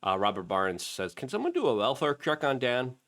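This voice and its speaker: A man's voice: big pitch swings, brisk, a bit bright. A man hosting a political commentary show, sarcastic and mocking as he reads out comments. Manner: sarcastic, mocking, mimics others in high squeaky voices. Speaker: host.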